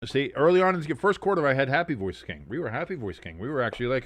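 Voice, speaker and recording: A man's voice: mid-range voice, expressive, fast talker, hardly any pauses, no echo. A man hosting a casual football watch-along stream, calling plays and reading chat aloud with sardonic, profane humor. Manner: sardonic, swears a lot, reads chat aloud. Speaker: sports stream host.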